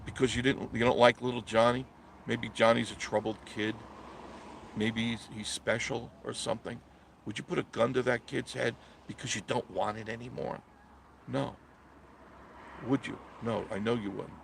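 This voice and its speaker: A man's voice: mid-range voice, little pitch movement, moderate pace, gravelly, slight background noise. A man hosting a live stream, delivering a blunt, preachy monologue and answering viewer comments.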